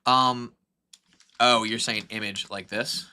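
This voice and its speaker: A young man streaming a live software tutorial, thinking aloud in an excitable, rambling way with many fillers and self-corrections. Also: medium pitch, slow pace, clear, resonant tone. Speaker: streamer teaching 3D modeling.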